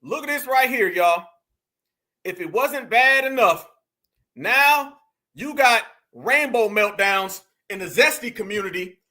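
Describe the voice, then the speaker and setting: A man hosting a commentary vlog, animated and mocking, laughing often as he talks. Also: high voice, a little slow. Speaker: host.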